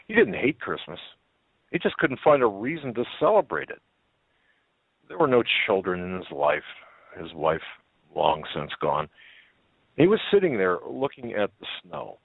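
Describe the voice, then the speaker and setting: A man reading a story aloud as a radio host, in a halting way with many fillers and restarts. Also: deep voice, slightly rough, no echo. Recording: tinny phone-like line.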